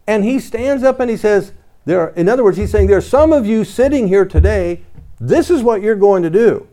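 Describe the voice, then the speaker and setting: Lively, animated male preacher. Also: sits high, moderate pace. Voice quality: reads scripture in King James wording. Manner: conversational, storytelling preaching with lively rises. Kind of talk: sermon.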